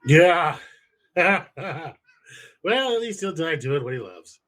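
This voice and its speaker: A man with a slightly raised pitch co-hosts a casual podcast. He rambles through instructions, swearing for emphasis and correcting himself as he goes. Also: very animated, slow, fairly bright tone. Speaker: podcast co-host. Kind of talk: casual profane chat.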